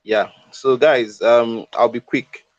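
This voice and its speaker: A man from Nigeria speaking deliberately on a live audio space, pausing with fillers as he makes his points. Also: medium pitch, fairly even intonation, dry recording. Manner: unhurried, deliberate, hesitant fillers. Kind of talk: measured political comment. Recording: dull dry lo-fi line.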